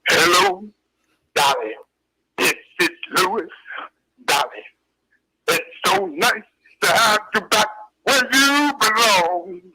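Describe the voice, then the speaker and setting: A man calling into a radio show, impersonating a famous jazz trumpeter singing in a gravelly croon over the phone. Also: sits high, animated, slow pace, long pauses, a crowd in the background, full character voice, rough recording. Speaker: caller.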